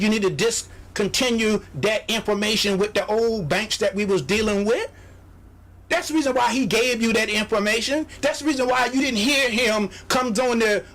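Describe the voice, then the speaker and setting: A man with a strikingly high-pitched voice gives a motivational sales pep talk as a radio show host. He exhorts his listeners like a preacher, repeats phrases over and over, and mocks doubters in put-on voices. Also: fairly bright tone.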